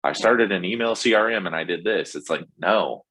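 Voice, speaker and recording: Casting: low-voiced man, podcast guest, bright, husky tone, rambling and eager. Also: brisk. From Texas. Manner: rambling, enthusiastic, lots of fillers. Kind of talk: casual interview chat.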